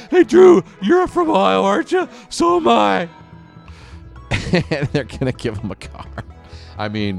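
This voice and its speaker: A man's voice: fairly low pitch, darkish tone, clean tone, no room sound, clean studio sound. A male podcast host giving joking, sarcastic play-by-play of a TV game show and chuckling often.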